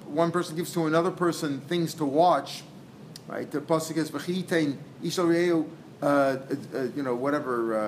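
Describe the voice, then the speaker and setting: A man with a fairly high voice teaches a Talmud lesson in a loose lecture style. He repeats phrases and acts out both sides of the dialogue, mixing in Hebrew and Aramaic terms. A faint noise runs behind him. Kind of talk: lecture explaining a text.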